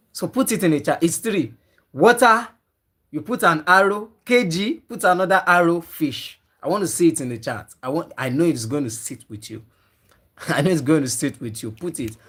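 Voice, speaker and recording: A man's voice: on the high side, lively intonation, moderate pace, a bit bright, husky. Emphatic man teaching a live online class. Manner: emphatic, repeats key points many times; talks to viewers typing in the chat. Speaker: fish farming trainer.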